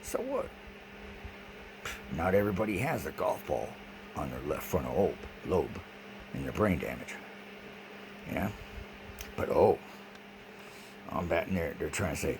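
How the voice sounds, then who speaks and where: Deep gravelly man rambling, noisy recording. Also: big pitch swings, measured pace, long pauses. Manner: agitated, rambling, repeats himself; swears often. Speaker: vlogger. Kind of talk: rambling video monologue. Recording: noisy background.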